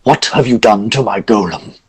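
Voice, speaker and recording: A man's voice: on the low side, moderate pace, darkish tone, husky, low-quality recording. A man voicing an irritable, haughty old man who speaks through a magical projection. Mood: indignant. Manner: haughty and exasperated.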